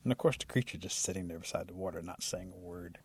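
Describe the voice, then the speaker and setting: A man telling a traditional animal story aloud, animated and acting out the animals as he goes. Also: deep voice, quick pace, breathy edge, no echo. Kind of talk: oral storytelling.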